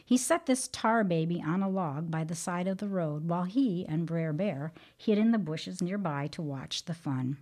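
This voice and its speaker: A woman giving a devotional radio teaching in a measured, earnest, plain-spoken way. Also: lowish voice, animated, a little mellow.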